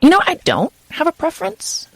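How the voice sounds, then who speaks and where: A woman's voice: very high voice, wildly swooping pitch, brisk, vocal fry, no echo. A woman who narrates audiobooks, chatting loosely in an interview with lots of fillers like "kind of" and "you know". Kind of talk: casual interview answers.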